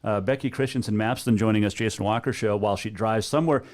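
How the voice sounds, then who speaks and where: A man's voice: fairly low pitch, fast. A man from Montana hosting a talk show and chatting in an easygoing way with a guest. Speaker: host.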